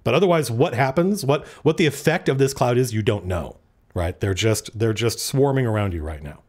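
A man running a tabletop game as game master, his voice swinging up and down with lively energy. He talks casually, swears freely and thinks out loud over the rules as he narrates the action. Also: mid-range voice, moderate pace.

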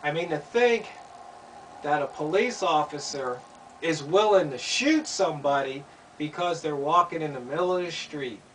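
Man, high voice, rhetorical opinion rant, distant mic, faint background hum. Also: normal speed. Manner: rhetorical, asks pointed questions, repeats himself. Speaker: commentator. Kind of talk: opinion monologue.

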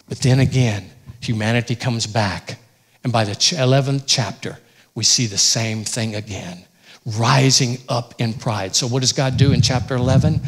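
A man preaching a sermon in a church, rising loud on key points and dropping low and quiet. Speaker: pastor.

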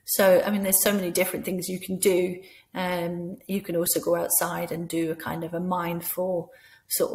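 A woman with a Scottish accent gives practical teaching advice in an instructional tone. She often breaks into a bright, lively voice to act out talking with imagined children. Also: lowish voice, normal speed. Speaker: teacher trainer. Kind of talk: instructional talk with classroom role-play.

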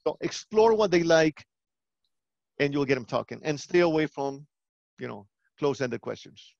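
New york guy with a colombian accent teaching a webinar, gravelly, kinda dull dry sound. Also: on the high side, normal speed, long pauses, no echo. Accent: Colombian-tinged New York English. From New York, of Colombian roots. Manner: lively, playful, acts out little dialogues. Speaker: webinar presenter. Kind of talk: live online teaching webinar.

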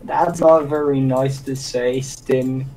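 A man's voice: medium pitch, steady tone, slow, recorded from a distance, background noise. A man chatting playfully while streaming a game, laughing easily. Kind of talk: casual gaming chat.

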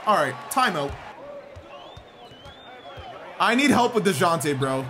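Man, high voice, very lively pitch, excitable gaming commentary, game music behind. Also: slow pace, crowd noise, background noise. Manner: excitable, shouts and groans at the game. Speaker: gaming YouTuber. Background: game music and sounds.

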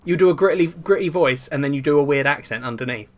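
A young man co-hosting a podcast, easygoing and calmly arguing back in casual chat. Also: on the high side, fast talker. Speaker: podcast co-host.

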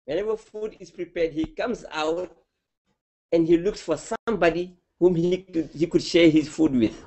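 A man giving a sermon, telling a religious story in an animated, heartfelt way. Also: on the high side, moderate pace. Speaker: preacher.

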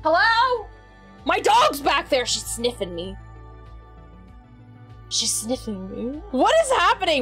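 Young woman, high and animated voice, reading game text aloud, prone to shrieks, game music behind. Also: slow pace, long pauses. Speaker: streamer. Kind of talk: live horror game stream.

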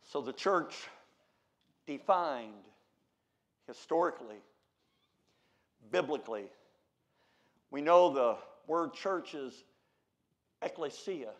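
An American man preaching a sermon, swinging between loud shouted declarations and low, quiet asides. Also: lively intonation, slow, long pauses.

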